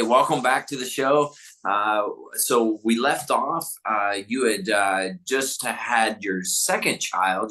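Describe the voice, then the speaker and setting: A man's voice: fairly low pitch, bright, forceful tone. A man hosting a podcast, interviewing his guest in an easygoing way. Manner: easygoing, laughs along. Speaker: podcast host. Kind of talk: casual interview.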